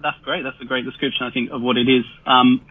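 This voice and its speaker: A man's voice: mid-range voice, level tone, fast talker, no echo. A man from Britain, a manga artist guest on a podcast, talking casually in a rambling, hesitant way with many fillers and restarts, heard over a remote call. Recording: husky voice over a tinny phone-like call line.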